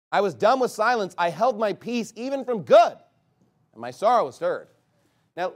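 A man preaching a fiery, scornful sermon as pastor of a church, with sudden loud bursts. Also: high-pitched.

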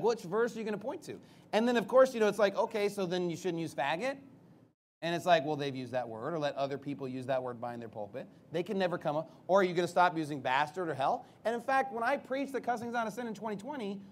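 Man, pastor, high voice, emphatic, defensive, rhetorical questions, loud outbursts. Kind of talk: preaching.

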